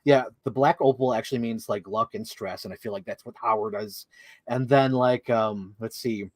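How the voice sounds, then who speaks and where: A man's voice: mid-range voice, normal speed, dry recording. A young man co-hosting a casual movie discussion, talking enthusiastically in long run-on lists full of "like". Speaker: co-host.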